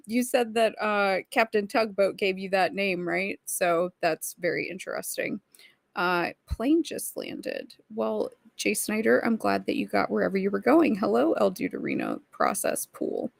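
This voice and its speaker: Woman livestream host, gravelly voice, dry close sound, chatty and snarky with the chat. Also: medium pitch, big pitch swings, measured pace, a bit bright, no room sound. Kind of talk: casual livestream chat reading viewer comments.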